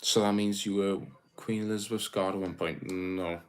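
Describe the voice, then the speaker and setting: A young man from Wales with a South Welsh accent, chatting casually on a livestream and reading viewer comments aloud in a relaxed, rambling way. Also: low-pitched, a little slow. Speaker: livestream host.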